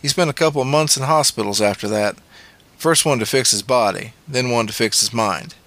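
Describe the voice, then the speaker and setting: A man's voice: mid-range voice, brisk, a bit bright. A man narrating a memoir audiobook in a plain, matter-of-fact way.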